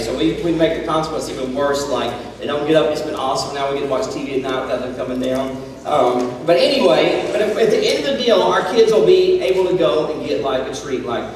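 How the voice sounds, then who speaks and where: A man in his thirties telling a humorous family story with a lesson to high school students, poking fun at himself and acting out dialogue. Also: slight background noise. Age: 30s. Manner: self-deprecating humor, acts out dialogue. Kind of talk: casual storytelling talk with a life lesson. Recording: echoey hall, voice from far off.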